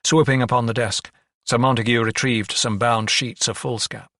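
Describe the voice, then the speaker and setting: Bright, dry-voiced male narrator. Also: medium pitch, fairly even intonation, normal speed, no room sound. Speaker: audiobook narrator. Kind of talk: scripted narration.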